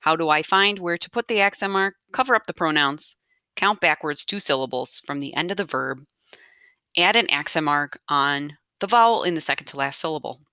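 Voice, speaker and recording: A woman's voice: low voice, animated, moderate pace, pushed and bright, smooth, no room sound, studio quality. A woman teaching a grammar lesson step by step, patiently explaining aloud as she marks up her notes. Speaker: Spanish teacher.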